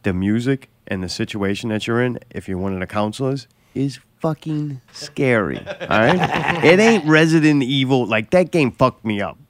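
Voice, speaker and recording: A man's voice: mid-range voice, animated, normal speed. A man hosting a casual podcast chat, teasing his co-host, laughing often and swearing freely.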